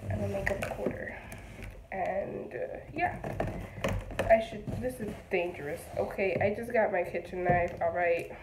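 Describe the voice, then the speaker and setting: A woman unboxing on a casual vlog, gushing and excitable, trailing off with fillers. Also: medium pitch, measured pace, reverberant, heavy background noise. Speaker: beauty vlogger.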